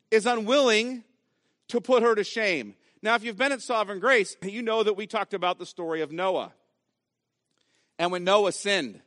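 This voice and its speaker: A man's voice: high-pitched, sharp tone, no echo, studio quality. A man preaching a sermon as pastor, emphatic and repeating key phrases for weight.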